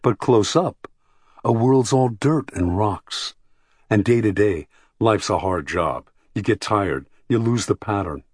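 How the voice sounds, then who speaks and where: A man reading an audiobook, voicing a thin, gentle philosopher in an earnest, reflective way. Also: lowish voice, animated, takes it slowly, slightly rough, no room sound, clean studio sound, exaggerated voice.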